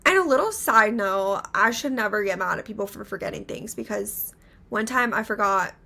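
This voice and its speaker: Casual storyteller, young woman, bright forceful tone, fillers everywhere. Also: medium pitch, normal speed, gravelly. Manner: animated, many filler "like"s. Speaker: podcast co-host.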